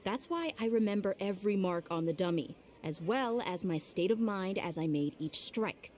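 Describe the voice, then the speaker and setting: An actress voices a confident young swordswoman and mercenary in a video game, speaking bluntly and self-assuredly with a steady mood. Her mid-range, darkish voice has lively intonation at a moderate pace, close to everyday speech, with a little hiss or hum.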